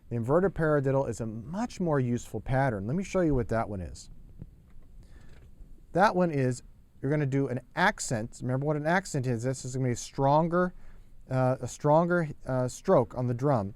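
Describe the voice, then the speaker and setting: A man's voice: fairly high pitch, a little mellow, a little hiss or hum. A man teaching a drum lesson, explaining step by step and calling out hand patterns aloud. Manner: patient, step-by-step, counts sticking patterns aloud. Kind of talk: instructional lesson.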